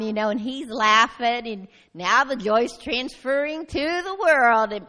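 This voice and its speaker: A woman giving an animated personal testimony at a church meeting, telling her story with frequent laughter. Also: on the high side, a little slow, few pauses. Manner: lively storytelling, often breaks into laughter. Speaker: church member sharing a testimony.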